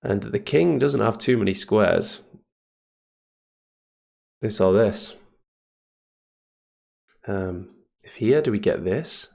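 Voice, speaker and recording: A man streaming chess and thinking aloud in a casual, hesitant way, with a deep, gravelly morning voice. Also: darkish tone. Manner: thinks aloud, hesitant fillers, chuckles often. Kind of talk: casual live commentary on chess games.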